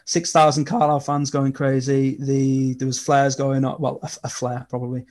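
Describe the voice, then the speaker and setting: A young man, chatting casually and telling animated football stories as a podcast guest. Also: medium pitch, moderate pace. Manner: animated storytelling with laughs. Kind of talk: casual chat.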